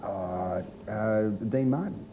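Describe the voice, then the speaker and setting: A man answering quiz questions hesitantly, thinking out loud. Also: lowish voice, animated, slow pace, slight background noise. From Australia. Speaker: quiz contestant.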